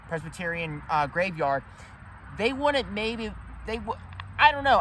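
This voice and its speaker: A man giving an emphatic, rambling history talk to viewers while standing outdoors in a cemetery, calling them ladies and gentlemen. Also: high-pitched, a little hiss or hum. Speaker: history vlogger. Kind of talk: walk-and-talk history vlog.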